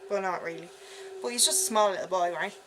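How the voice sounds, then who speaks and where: A woman's voice: on the low side, fast, background noise. A young Irish woman giving a casual makeup tutorial at home, chatty and giddy, talking to herself as she works. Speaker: beauty vlogger.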